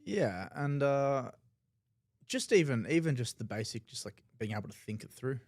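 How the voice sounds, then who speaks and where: A man's voice: mid-range voice, lively intonation, normal speed, darkish tone, dry recording, studio quality. A man with an Australian accent breaking down poker hands in live commentary, analytical and loose, full of filler words.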